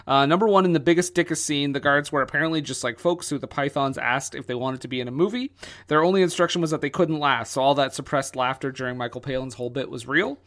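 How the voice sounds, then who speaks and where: A man co-hosting a casual podcast, talking loosely with many fillers and quick jokes. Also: medium pitch, fairly bright tone. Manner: loose, joking, lots of fillers. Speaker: podcast co-host. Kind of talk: casual chat.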